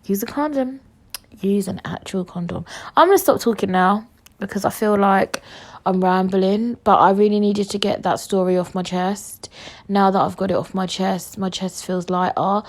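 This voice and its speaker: A young woman telling a storytime on her podcast, joking and swearing, lurching from loud outbursts to low mutters, a little queasy. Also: steady tone, normal speed. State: queasy from food poisoning. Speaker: podcast host. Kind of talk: storytime monologue.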